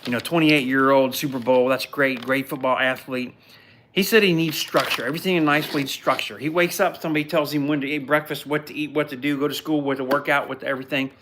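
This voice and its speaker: A man hosting a live podcast, recapping a television show in a blunt, mocking, animated way. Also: medium pitch, quick pace, slight background noise.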